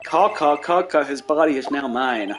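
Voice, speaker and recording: A man's voice: mid-range voice, moderate pace, a little hiss or hum, close to an everyday voice. A man voicing a grandiose male demon king yokai who possesses a mayor and caws like a crow while reading game dialogue aloud. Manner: grandiose, theatrical crow cawing.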